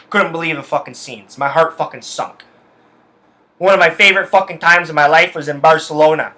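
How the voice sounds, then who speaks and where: A man's voice: on the high side, pushed and bright. A young man ranting angrily in a solo monologue, swearing a lot and hammering his points with emphasis. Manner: angry, profane, emphatic. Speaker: podcast host.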